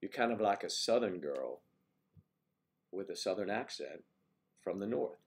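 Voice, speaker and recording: A man whose voice sits low, with vocal fry and lively intonation, speaks in an unhurried way. He hosts a laid-back morning livestream, reading viewers' names and comments aloud and responding with jokes and asides.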